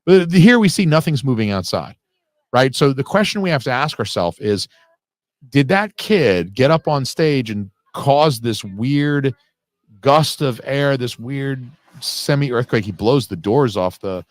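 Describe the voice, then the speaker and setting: A man's voice: mid-range voice, lively intonation, a little slow, dry recording. A man giving a live, casual film commentary, swearing freely and wandering off on tangents with lots of fillers. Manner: casual, profane, digressive with frequent fillers.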